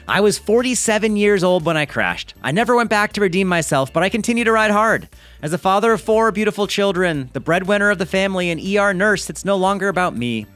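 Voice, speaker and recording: A man hosting a mountain bike video, reading a viewer's story aloud with chatty, joking asides. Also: high-pitched. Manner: lively, chatty, jokey asides.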